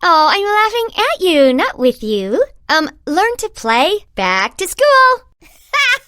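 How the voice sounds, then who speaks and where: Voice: very high-pitched, wildly swooping pitch, slow, pushed and bright, dry recording, clean studio sound, heavily acted. An actor voicing a mocking, gleeful rainbow boss in a video game, sneering and sing-song as it taunts the player.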